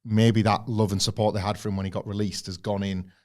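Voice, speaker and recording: A man's voice: on the low side, flat delivery, quick pace, darkish tone. A man co-hosting a podcast, giving opinions in casual chat and peppering his talk with "like". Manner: filler-heavy, frequent "like". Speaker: podcast co-host.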